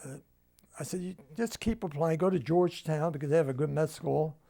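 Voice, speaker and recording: A man's voice: a little high, a little fast, vocal fry, warm tone. An older man with a New Jersey accent, telling family stories in an oral history interview at home and acting out the dialogue. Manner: storytelling, acts out quoted dialogue.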